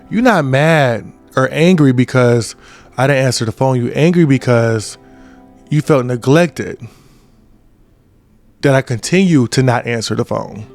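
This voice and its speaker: A man in his twenties hosts a podcast, giving a casual motivational talk in a slightly mellow, medium-pitched voice and frequently checking in with "right?"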